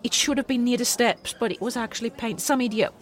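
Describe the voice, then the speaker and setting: A woman's voice: fairly high pitch, fast talker. A woman from Switzerland with a Swiss accent, chatting casually and thoughtfully as podcast co-host. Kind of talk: casual chat.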